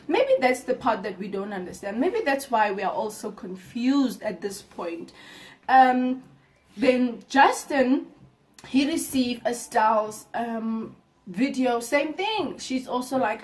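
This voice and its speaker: A young woman recapping a reality show episode for her viewers in a casual, animated and exasperated way, often calling out "you guys". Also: a little high, slow, recorded from a distance. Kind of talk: casual chat to camera.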